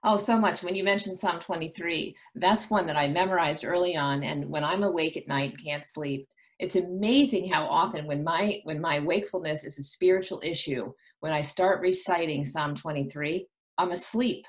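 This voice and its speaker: A woman's voice: low voice, moderate pace. A middle-aged woman, an author being interviewed on the radio, speaking earnestly and reflectively with frequent restarts. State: insomniac.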